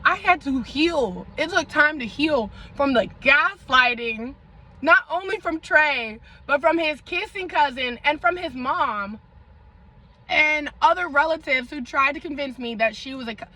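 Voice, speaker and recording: A young woman vlogger telling a storytime in a dramatic, animated way, full of slang and asides to her viewers. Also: high voice, a little slow, low-quality recording. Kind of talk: storytime vlog.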